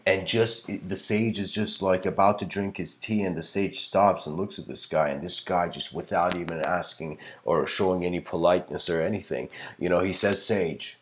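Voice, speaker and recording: A man's voice: low-pitched, normal speed, hardly any pauses, a little hiss or hum. A man giving a livestreamed philosophical lecture in an earnest, rambling way, full of fillers and searching for words. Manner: rambling, filled with "you know" and "like".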